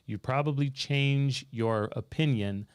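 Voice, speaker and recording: A man's voice: medium pitch, measured pace, clear, resonant tone. A man hosting a live financial Q&A from a studio, telling a story and reading out viewer comments from the chat. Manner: storytelling, reads out viewer comments, quizzes his co-host. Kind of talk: livestream talk with chat interaction.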